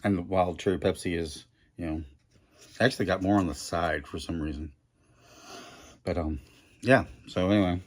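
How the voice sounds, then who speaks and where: A man's voice: sits low, steady tone, moderate pace, long pauses, darkish tone. A middle-aged man rambling through a casual food review vlog, chatty and self-deprecating, talking with his mouth full.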